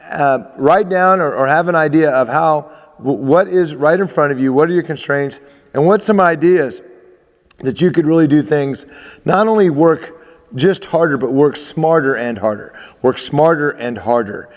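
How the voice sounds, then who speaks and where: A man's voice: on the high side, moderate pace, big-room sound. A man, a baseball coach, giving emphatic advice to athletes, often repeating himself and restarting phrases.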